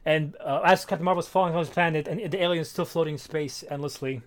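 A man co-hosting a casual comic book chat, animated and reading dialogue aloud with feeling. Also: a little high, quick pace. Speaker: podcast co-host.

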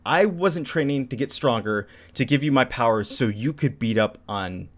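A man's voice: medium pitch, expressive, normal speed. A man co-hosting a casual podcast, enthusiastically recapping a manga with many fillers and acted-out lines. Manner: enthusiastic, lots of "like" fillers, acts out characters' lines. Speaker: podcast co-host.

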